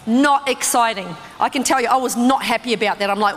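A woman preaching in a church hall, her fairly high voice carrying a long reverb. She tells her testimony in a lively, storytelling way, leaping up in pitch as she acts out her own reactions. A faint hum of room noise sits underneath. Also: fast, few pauses. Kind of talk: sermon with personal testimony.

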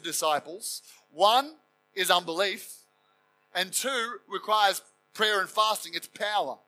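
A man's voice: high-pitched, sharp tone, low-quality recording. A man preaching a sermon as pastor, telling the story emphatically and acting out the quotes in it.

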